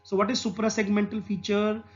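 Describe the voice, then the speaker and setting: A man lecturing with an Indian English accent, explaining slowly and repeating examples aloud, with frequent "okay". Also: sits high, flat delivery. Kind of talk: exam-prep lecture. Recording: slightly dull lo-fi recording with faint music.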